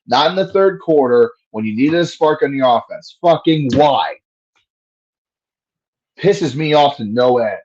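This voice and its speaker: A man's voice: medium pitch, animated, a little slow, long pauses, darkish tone, muffled recording. A man giving casual play-by-play commentary on a fan livestream, profane and frustrated, ranting between plays.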